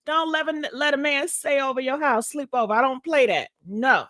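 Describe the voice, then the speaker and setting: A woman's voice: high-pitched, moderate pace, fairly bright tone, dry recording, studio quality. A woman vlogger casually telling a personal story to her viewers, frank and profane, laughing often.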